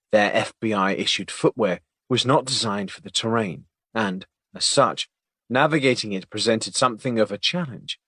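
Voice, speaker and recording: A man's voice: on the low side, fairly bright tone, slightly rough, dry recording. A man reading a comic audiobook in scripted storybook narration, with a wry, comic storytelling manner.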